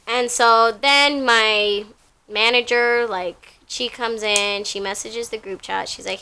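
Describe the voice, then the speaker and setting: A woman's voice: fairly high pitch, fairly even intonation, takes it slowly, sharp tone, a little hiss or hum. A young woman telling a rambling, casual story from her job, full of fillers and repeats.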